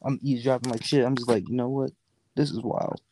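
A young man in casual podcast chat, animated and laughing, acting out the people in his stories, swearing freely. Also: medium pitch, fast, slight background noise. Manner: animated storyteller, acts out voices, laughs often, swears freely. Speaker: podcast guest. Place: in a car.

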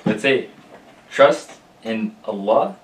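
A young man in his twenties, a podcast guest, giving plain-spoken advice in a relaxed way. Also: fairly low pitch, slow pace, roomy sound, recorded from a distance, a little hiss or hum, low-quality recording. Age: 20s. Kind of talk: casual podcast chat.

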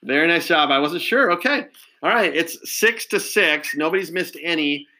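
A man's voice: fairly high pitch, lively intonation, normal speed, pushed and bright, rough recording. Upbeat man hosting a quiz. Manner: upbeat, praising, many fillers. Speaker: quiz host. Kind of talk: casual game quiz.

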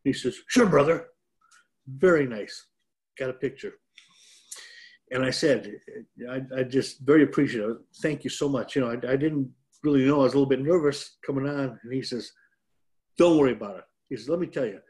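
A man's voice: mid-range voice, brisk, a little mellow. An older man from Detroit, a former pro wrestler, telling a rambling, self-deprecating story as a guest on a chat show. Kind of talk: casual storytelling.

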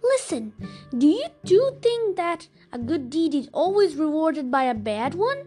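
A woman's voice: high voice, big pitch swings, unhurried, mellow, faint music behind. A woman voicing a scheming peasant man in a storybook reading, pleading and wheedling.

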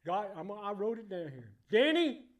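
A man preaching a sermon in church, emphatic and repetitive, building to loud exclamations. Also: high-pitched, animated, a little slow.

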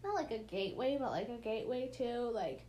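High-voiced young woman with a slight lisp. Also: lively intonation, a little fast, dark tone, a little hiss or hum. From United States. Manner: rambling, laughing storyteller, many fillers. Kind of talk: casual chat among friends.

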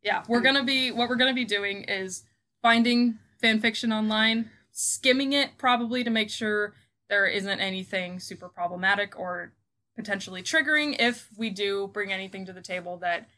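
A woman with a bright, forward voice chats as a podcast co-host. She talks casually, cuts in often and laughs easily. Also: medium pitch, moderate pace. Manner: chatty, interjects and laughs often. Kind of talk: casual chat.

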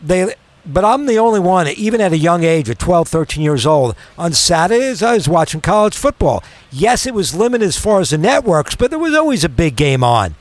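New guy on sports radio, high voice that jumps all over, arguing his point, dry sound. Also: big pitch swings, a little fast, dry recording. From New York. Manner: opinionated, emphatic, argumentative. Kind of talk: casual sports talk.

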